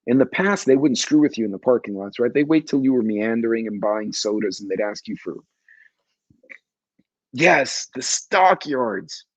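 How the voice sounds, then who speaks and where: A man's voice: mid-range voice, moderate pace, no echo, highs cut off. A man in his forties from New York City, hosting a casual livestream talk show and rambling as he answers viewer chat.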